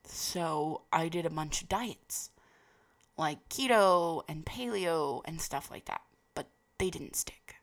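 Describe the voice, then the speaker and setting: A woman giving a casual, rambling personal talk, full of fillers and restarts, with a gravelly voice. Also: low-pitched, animated, takes it slowly.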